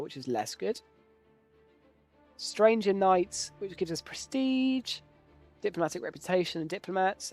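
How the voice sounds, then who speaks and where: A man giving casual, rambling live commentary while playing a strategy game, joking at his own expense and swearing now and then. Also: high voice. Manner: rambling, jokey, self-deprecating.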